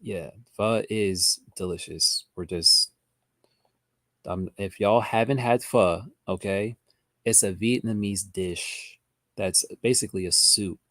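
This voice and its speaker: In a live trading lesson, a man chats easily with his audience and reads out their chat messages as a casual livestream teacher. His fairly low voice is slow, pushed, and bright, and the clean studio sound has no echo.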